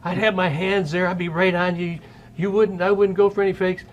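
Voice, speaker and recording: A man in his sixties, a former ballplayer hosting an interview, telling lively stories from his playing days. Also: high voice, a little fast, lo-fi sound, a little hiss or hum. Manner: animated storyteller who acts out quotes. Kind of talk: storytelling interview chat.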